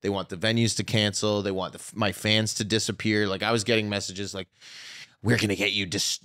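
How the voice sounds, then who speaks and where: A man's voice: fairly low pitch, normal speed, fairly bright tone, dry recording, studio quality. A comedian guest on a podcast, a man chatting candidly in long, rambling anecdotes full of fillers. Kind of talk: casual podcast chat.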